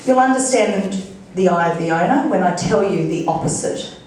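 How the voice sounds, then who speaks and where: A woman's voice: mid-range voice, moderate pace, a little mellow, slight background noise. A woman speaker at a fundraising breakfast, giving a playful motivational talk and tossing rhetorical questions to the crowd. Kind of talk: motivational speech to an audience. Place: large function room with an audience. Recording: echoey room, mic at a distance.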